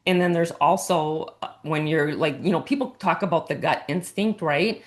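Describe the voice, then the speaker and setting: A woman's voice: deep voice, moderate pace. A woman coach and author talking casually in a podcast interview, explaining her ideas in an earnest, meandering way.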